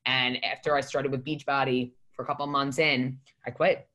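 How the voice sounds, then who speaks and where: A woman's voice: low-pitched, fast, fairly bright tone. A woman guest on a podcast, telling her story in a candid, rambling way and swearing for emphasis. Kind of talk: casual podcast conversation.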